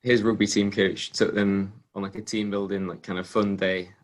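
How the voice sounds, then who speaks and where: Young man with a flat, low voice. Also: moderate pace. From England. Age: young adult. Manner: relaxed storytelling, frequent ums and restarts. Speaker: guest athlete. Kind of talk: casual interview chat.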